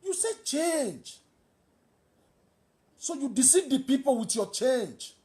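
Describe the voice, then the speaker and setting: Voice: high-pitched, big pitch swings, slow pace, dark tone. A speaker with a Nigerian accent giving fiery political commentary as a talk show host, asking rhetorical questions and repeating phrases for emphasis.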